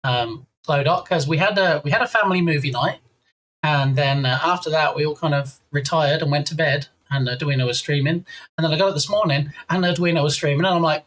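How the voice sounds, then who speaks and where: A man's voice: fairly high pitch, a little fast, fairly bright tone, rough recording. An English man streaming live with a slight frog in his throat, chatting casually and reading out and thanking viewers' chat messages. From England. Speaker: game dev streamer.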